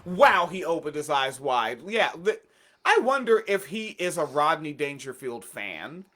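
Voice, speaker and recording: A man's voice: on the high side, big pitch swings, a little slow, bright, forceful tone. A man co-hosting a casual radio chat, blunt and profane, with a sarcastic, ranting way of talking. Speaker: co-host.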